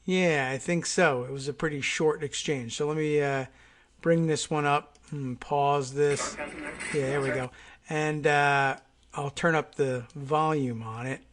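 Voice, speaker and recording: A man talks through the news on his own podcast with a slightly raised pitch. He rambles with plenty of "uh"s and restarts and keeps a dry, wry edge. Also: steady tone, measured pace, a bit bright, a little hiss or hum. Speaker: podcast host. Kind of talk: casual political commentary.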